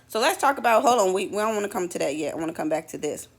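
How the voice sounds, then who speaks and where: A woman hosting a morning show in a casual monologue, animated and slangy, full of playful asides to her viewers. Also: mid-range voice, very fast.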